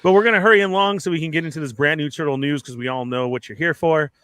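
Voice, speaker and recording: A man co-hosting a live toy podcast in casual chat, upbeat and joking as he runs through plugs and shout-outs. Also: fairly high pitch, fast, clear, resonant tone, dry recording.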